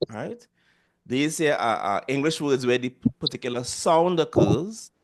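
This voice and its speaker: A man's voice: medium pitch, lively intonation, measured pace. Trinidadian man teaching over a video call. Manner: patient, repeats sounds for students to echo. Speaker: language teacher. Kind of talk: online class instruction.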